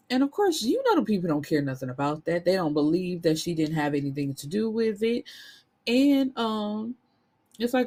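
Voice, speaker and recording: A woman's voice: mid-range voice, normal speed. Chatty woman recapping a book. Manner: chatty, animated, colloquial, swears. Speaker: book reviewer. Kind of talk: casual book summary.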